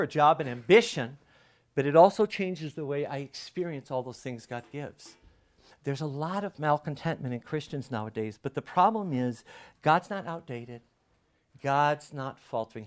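A middle-aged man preaches in a conversational, testimonial way, his voice sitting a little higher than most men's. He jumps from loud, emphatic bursts to quiet, hushed asides as he makes his points. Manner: earnest, testimonial preaching with sudden swings between loud and hushed. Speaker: pastor. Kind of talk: conversational sermon.

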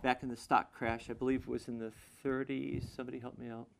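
A man preaching to a congregation, shifting between quiet, intimate stretches and loud, fervent passages, closing in prayer. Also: mid-range voice, little pitch movement, fast, creaky, background noise. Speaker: pastor. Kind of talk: sermon.

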